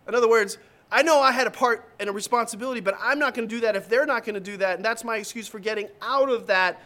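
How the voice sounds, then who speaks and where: A man's voice: sits high, quick pace, sharp tone. A middle-aged man preaching a sermon as pastor, emphatic and repeating his key lines, acting out the people he quotes.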